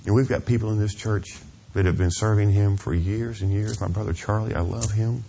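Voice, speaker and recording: Earnest deep-voiced man preaching. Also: fairly even intonation, fairly quick, vocal fry, background noise. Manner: earnest, confessional, calls out "Amen?" to the congregation. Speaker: pastor. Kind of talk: sermon. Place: church.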